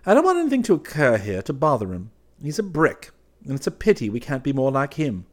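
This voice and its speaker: A man reading an audiobook, voicing an excitable, chatty young male artist in a raised, eager tone. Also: medium pitch, normal speed, voice pushed up, close to an everyday voice.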